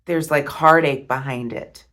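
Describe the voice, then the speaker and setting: A woman reading tarot cards, talking slowly and softly with heartfelt pauses. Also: deep voice, fairly even intonation. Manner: slow, soft and heartfelt, with pauses. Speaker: tarot reader.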